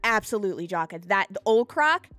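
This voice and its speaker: A woman live-streaming from home, chatting casually and excitably with her viewers, giggling often and gushing thanks into a desk microphone. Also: medium pitch, fairly quick, no echo, faint music behind.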